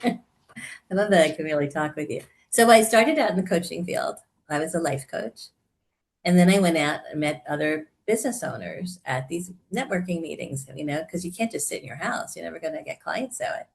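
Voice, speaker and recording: A woman in her sixties who works as a therapist and coach is a guest in a casual conversational interview, telling her story with animated warmth and frequent laughter. Her voice sits low and she speaks briskly.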